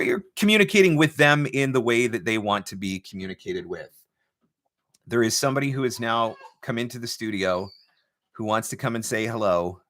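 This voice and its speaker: A man's voice: medium pitch, a bit bright. A man hosting a casual advice livestream from his studio, talking conversationally and often repeating words as he restarts. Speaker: voice-over business coach, livestream host. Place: home studio.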